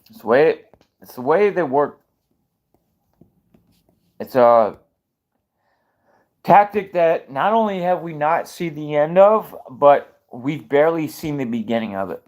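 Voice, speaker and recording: Man, livestream commentary, slightly high voice, heated, rhetorical questions. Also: lively intonation, a little slow, long pauses, a little mellow. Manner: fired-up, rhetorical questions, restarts mid-sentence.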